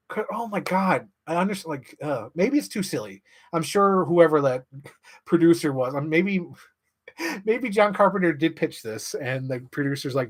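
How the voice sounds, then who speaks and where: Man, slightly high voice, excitable, rambling, profane, lots of fillers. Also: normal speed. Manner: enthusiastic, profane, filler-heavy. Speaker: channel host.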